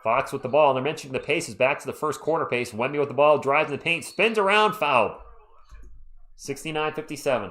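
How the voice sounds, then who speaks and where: A man's voice: on the high side, expressive, brisk, a bit bright. A man hosting a live stream, giving casual fan play-by-play of a basketball game and chatting with viewers between plays.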